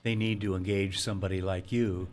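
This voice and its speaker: A man's voice: low voice, level tone, darkish tone. A man hosting a local radio talk show, chatty and affirming as he questions his guest and jokes along. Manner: chatty, affirming, quick to joke. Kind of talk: casual interview talk.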